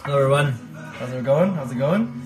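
A man hosting a casual cooking livestream from his kitchen, talking in a relaxed, rambling way and repeating himself as he chats to viewers. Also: medium pitch, a little fast. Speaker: livestream host. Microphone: phone livestream. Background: music playing.

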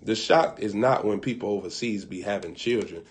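A man preaching on a live broadcast, telling a funny story in a colloquial way. He laughs at his own jokes and swings between loud bursts and hushed asides. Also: lowish voice, moderate pace. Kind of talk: humorous sermon storytelling.

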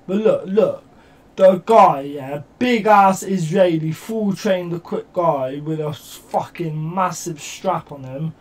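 A man's voice: a little high, slow pace, recorded from a distance, low-quality recording. A man with an English accent giving a casual, rambling reaction commentary, full of slang and swearing. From England. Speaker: reaction YouTuber.

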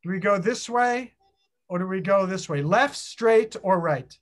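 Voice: medium pitch, expressive, measured pace. Playful host on a video call. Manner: playful, leads the group with questions. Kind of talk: casual group chat.

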